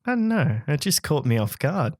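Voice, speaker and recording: A man with a soft Australian accent co-hosting a theme park podcast, playful and teasing in casual chat. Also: on the high side, sing-song, moderate pace. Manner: playful, teasing, laughs easily. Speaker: podcast co-host.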